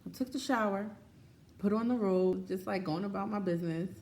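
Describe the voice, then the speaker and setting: A woman's voice: mid-range voice, a little fast, darkish tone. Frank, chatty woman vlogger, echoey room. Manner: frank, chatty, laughs often. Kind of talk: candid casual vlog talk. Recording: echoey room with faint ambience.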